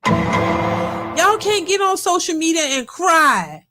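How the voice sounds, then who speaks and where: Casting: high-voiced woman streamer, emphatic, repeats herself, casual reaction commentary. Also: sing-song, slow, pushed and bright, soft background music. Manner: emphatic, repetitive, talks to chat. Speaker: reaction channel host.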